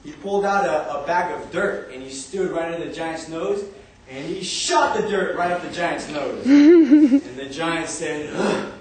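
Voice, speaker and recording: A young man telling a comic story to a live audience, animated and often laughing. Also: a little high, unhurried. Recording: echoey room, far from mic, audience.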